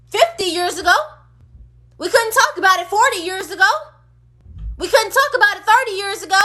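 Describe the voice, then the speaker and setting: A woman's voice: very high voice, pushed and bright. A woman on a phone livestream, delivering an impassioned rant full of emphatic, repeated rhetorical questions. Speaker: streamer.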